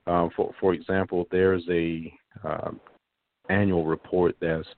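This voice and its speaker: A man's voice: sits low, little pitch movement, a little slow, background noise. A man running for Congress, answering interview questions over the phone, with many fillers and restarts. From South Carolina Low Country. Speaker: congressional candidate. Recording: phone line.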